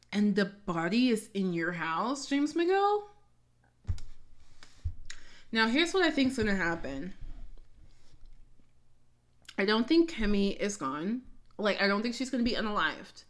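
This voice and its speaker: A woman hosts a reaction video, chatting casually about what she just watched. She talks in an excitable, dramatic way and keeps repeating her exclamations. Her pitch sits at an everyday middle level.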